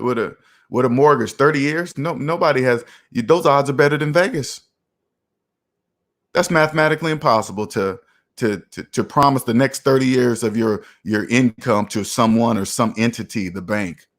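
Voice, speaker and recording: A man's voice: mid-range voice, normal speed. Emphatic, preachy man host. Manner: preachy, emphatic, repeats himself for effect. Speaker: finance channel host. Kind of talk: livestream commentary reading chat.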